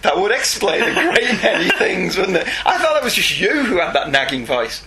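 This Northern English podcast co-host reads out listener emails while ribbing his co-host, joking and laughing frequently. A noisy crowd sits behind his high, gravelly, sing-song voice, which moves at a normal speed.

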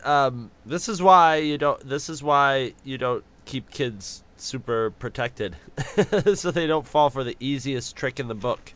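A man's voice: mid-range voice, a little slow, fairly bright tone. A man co-hosting a podcast, chatting casually with dry, wry asides. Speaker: podcast co-host. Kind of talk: casual chat. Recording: dull lo-fi sound.

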